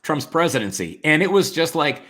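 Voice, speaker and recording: A man's voice: fairly high pitch, very animated, fairly quick, a bit bright. A man hosting a casual interview podcast, talking conversationally with frequent "I mean" and agreeing asides. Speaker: podcast host.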